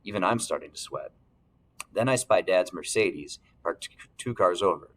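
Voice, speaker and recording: A man reading a first-person novel aloud as narrator, steady, clearing his throat now and then. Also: low voice, normal speed, poor audio. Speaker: audiobook narrator.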